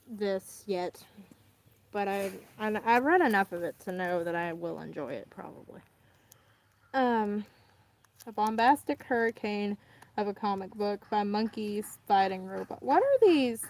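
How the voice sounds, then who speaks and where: A young woman rambling her way through an unboxing vlog, chatty and easygoing, her voice sitting at an ordinary middle pitch. She often lets her sentences fade to a near mumble. Faint noise hums under the recording. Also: a little slow. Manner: rambling, chatty, trails off quietly. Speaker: vlogger. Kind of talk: casual unboxing chat.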